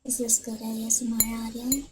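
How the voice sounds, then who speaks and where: A young woman streaming her first ASMR session, talking softly and often whispering, nervous and rambling. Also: fairly high pitch, little pitch movement, moderate pace, rough recording. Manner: soft-spoken, often whispering. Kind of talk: casual ASMR stream chat. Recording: music playing behind.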